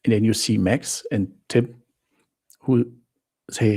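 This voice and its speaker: Slow, gravelly-voiced man hosting live chat. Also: fairly low pitch, steady tone, a little mellow. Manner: chatty, greets viewers by name, laughs often, simple non-native English grammar. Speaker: travel channel host.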